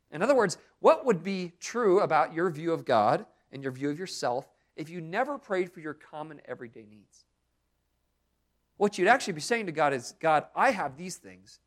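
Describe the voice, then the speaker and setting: A young adult man preaching a sermon as pastor, speaking earnestly and expressively with strong emphasis. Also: on the high side.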